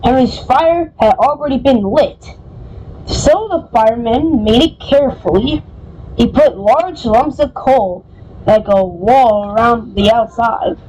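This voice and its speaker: A woman's voice: a little high, darkish tone, slight background noise, low-quality recording. A woman reading a children's storybook aloud, casual, often stumbling and correcting herself. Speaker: storybook reader.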